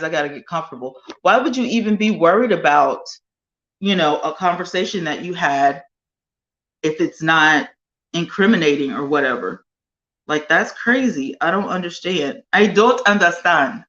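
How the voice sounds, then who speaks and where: A woman's voice: fairly low pitch, lo-fi sound. Chatty woman live-streaming from a roomy sunroom. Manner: animated, chatty, drawn-out emphasis. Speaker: livestream host. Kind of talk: casual live chat with viewers. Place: home sunroom.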